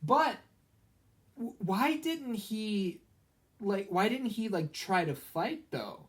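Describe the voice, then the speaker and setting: A man co-hosting a casual movie review podcast, telling stories with animated energy and laughing often. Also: high voice, slow. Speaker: podcast co-host.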